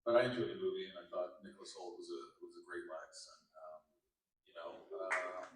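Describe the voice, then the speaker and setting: A man's voice: low-pitched, fairly quick, heavy background noise. A middle-aged man bantering on a convention panel stage, loose and rambling with trailing fillers, taking audience questions. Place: large convention hall stage. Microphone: handheld mic through PA, filmed from front row. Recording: echoey hall from far off, crowd.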